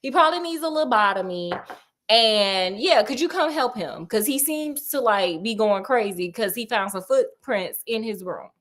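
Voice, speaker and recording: A woman's voice: fairly high pitch, animated, normal speed, a bit bright. A woman voicing a flustered male doctor who pleads in exasperation. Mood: exasperated. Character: flustered male doctor fussing over a patient.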